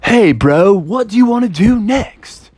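A woman's voice: mid-range voice, animated, a little slow, a little mellow, husky, no echo, voice pushed up. A woman voicing a friendly young toad boy who talks in casual skater slang.

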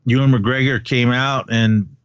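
A man's voice: mid-range voice, fairly even intonation, measured pace, clean tone, no room sound. Enthusiastic rambling man, dull dry sound. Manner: enthusiastic, rambling with many fillers. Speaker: podcast co-host. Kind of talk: casual fan chat.

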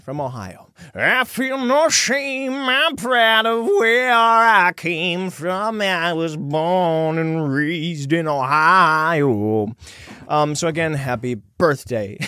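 Young male podcast host, goofy and rambling, fairly high lively voice. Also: no echo, studio quality. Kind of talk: casual podcast chat.

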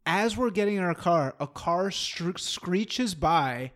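A man's voice: high-pitched, expressive, takes it slowly, fairly bright tone. A man telling a long story in casual chat, rambling and swearing, restarting his sentences often. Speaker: storyteller in a conversation.

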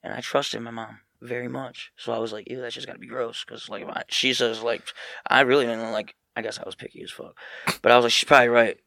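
A young man, a podcast guest telling profane, animated stories in casual chat. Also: medium pitch, fast talker, vocal fry, dry recording, clean studio sound. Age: young adult. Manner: profane, animated storytelling with loud mocking impressions.

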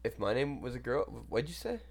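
A man's voice: medium pitch, very animated, fairly quick, creaky. A young man co-hosting a podcast, teasing his friends in crude, blunt casual chat. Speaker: podcast co-host.

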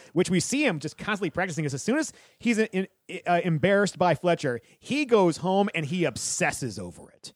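Fairly high lively guy on a movie podcast, dry mic, reads the plot out then chimes in. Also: moderate pace, hardly any pauses, no echo. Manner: reads plot summary aloud, then adds opinions. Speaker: podcast co-host. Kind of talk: casual movie review chat.

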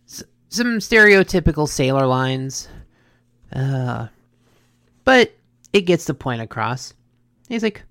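A speaker casually recapping an episode in an animated, rambling way, correcting themselves as they go. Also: mid-range voice, slow pace, long pauses, no room sound, studio quality. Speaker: show recapper.

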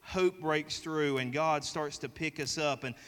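A man's voice: on the high side, unhurried, a bit bright, clean tone. A man with a Southern US accent preaching a sermon, folksy and joking as he polls the congregation. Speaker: pastor. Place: church sanctuary. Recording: long reverb of a church hall.

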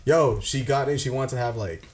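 A man's voice: medium pitch, moderate pace. A man, a guest comedian, telling a story in casual podcast chat, slangy and laughing often. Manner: slangy, laughs a lot, heavy use of "like". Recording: noisy background.

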